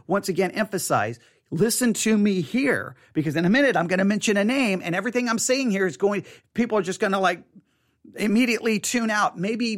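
A man's voice: sits high, a bit bright. A man hosting a live broadcast, talking earnestly and emphatically about theology, often repeating and restarting his phrases. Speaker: host.

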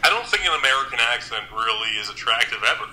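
A man's voice: medium pitch, animated, very fast. A man co-hosting a casual chat, dropping dry, teasing remarks. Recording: faint background noise.

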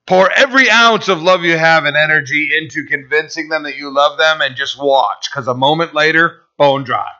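Man pastor preaching slow n emphatic, bright voice, kinda muffled recording. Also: on the high side. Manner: emphatic, drawn-out preaching with rhetorical "right?". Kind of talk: sermon. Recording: dull lo-fi recording.

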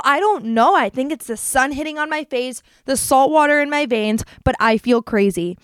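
A young adult woman from New Jersey hosts a podcast, delivering a casual confessional monologue about her life, candid, chatty and lively with quoted voices. Her voice is high-pitched at a moderate pace, with clean studio sound and no echo.

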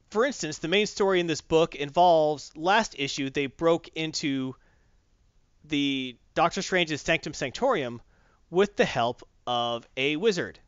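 A rambling, animated man with a raised, lively voice, chatting casually as a comics host. The recording is dry and slightly dull. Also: fairly high pitch, clear, resonant tone, dry recording. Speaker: podcast host. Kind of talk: casual comic review chat.

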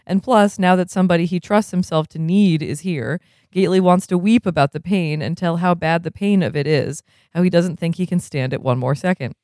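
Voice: mid-range voice, brisk, a little mellow, no echo, clean studio sound. A reader reading a novel aloud, chuckling often and breaking off for casual comments.

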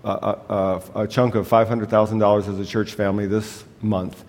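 A man's voice: on the low side, little pitch movement, normal speed, a little mellow. A man preaching a sermon as a pastor, telling a family story with humor and a slight cough. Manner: storytelling with humor, acting out voices in a family anecdote. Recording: long hall reverb.

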